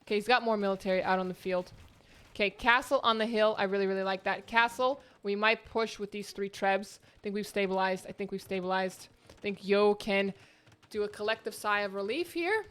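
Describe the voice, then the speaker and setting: A woman runs and commentates her own tournament live from home, sitting near the internet modem. Her mid-range voice has a clean tone and a slightly fast pace as she gives excitable, chatty esports play-by-play, leaping from exclamation to exclamation.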